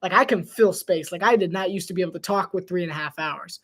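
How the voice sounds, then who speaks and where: Solo live football caller, male, light high voice, chatty and jokey, laughs a lot. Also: fast talker, few pauses, fairly bright tone. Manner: chatty, laughs often, self-deprecating asides. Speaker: solo sports commentator. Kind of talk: casual live play-by-play commentary.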